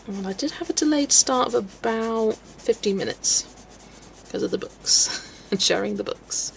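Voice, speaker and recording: A young woman chatting casually on a livestream while she colours, self-mocking and quick to laugh. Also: medium pitch, gravelly, a little hiss or hum. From South West England. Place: home, streaming while colouring.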